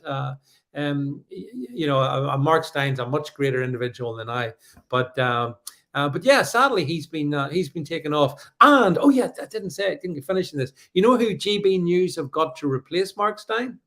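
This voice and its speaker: A man's voice: a little high, normal speed, creaky, pushed and bright. A middle-aged man hosting a live stream, combative and sarcastic, with many fillers and restarts as he reads out viewer comments. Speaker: livestream host.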